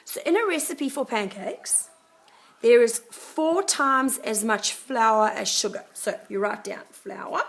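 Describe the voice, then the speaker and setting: A woman with a croaky, gravelly voice walks students through a math problem. Her pitch sits a little high, and she explains each step in a chatty, casual way, checking in with "okay" as she goes. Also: expressive, takes it slowly. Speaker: math teacher.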